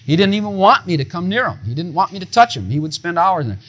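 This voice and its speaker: A man voicing his elderly, devout mother, husky and softly insistent as he recounts her words. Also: fairly low pitch, very animated, fast talker, highs cut off, exaggerated voice. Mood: tearful. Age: older.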